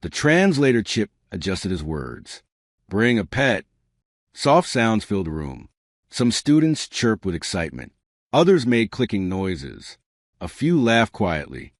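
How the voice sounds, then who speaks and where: A man narrating a science fiction story with steady, scripted delivery. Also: lowish voice, dry recording, studio quality.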